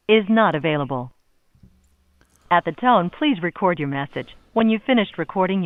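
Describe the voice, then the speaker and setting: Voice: medium pitch, dry recording. An automated voicemail system reading a recorded announcement. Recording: tinny phone line.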